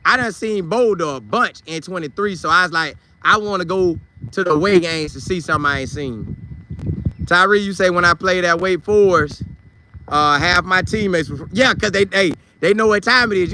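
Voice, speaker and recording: A man from hosts a sports livestream, calling out commenters by name in easygoing slang. His voice sits high for a man and cuts through with a very bright, sharp edge. A faint hiss of noise runs underneath. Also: fairly quick. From Polk County, Florida. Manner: loose, slangy, talks back to chat by name. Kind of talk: casual live chat, reading viewer comments.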